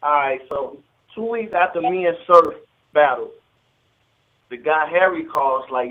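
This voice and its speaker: A high-voiced man tells a long story from an interview, swearing freely and acting out every phone call in quotes. The sound is thin and tinny, as if heard down a phone line. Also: a little slow, long pauses. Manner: profane, streetwise, retells phone calls with quoted dialogue. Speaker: battle rapper in an interview clip.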